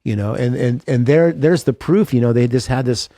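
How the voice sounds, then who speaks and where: Mellow-voiced man musing as an interview guest. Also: medium pitch, normal speed, dry recording, studio quality. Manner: earnest, self-deprecating, many restarts. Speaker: guest guitarist. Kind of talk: reflective interview talk.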